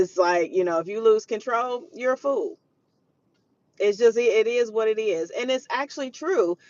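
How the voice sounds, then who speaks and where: A woman's voice: mid-range voice, dry recording. A woman hosting a live parenting show, chatting to viewers, retelling a news story and quoting scripture. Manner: chatty, preachy, quotes scripture, greets viewers mid-story. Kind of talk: live-stream commentary. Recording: dull lo-fi stream audio.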